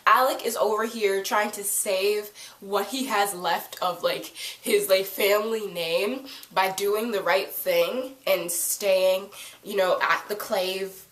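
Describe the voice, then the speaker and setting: Excitable woman fan reviewing a TV show; casual, swears freely, recorded in an echoey room. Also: mid-range voice, slow pace. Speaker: TV episode reviewer.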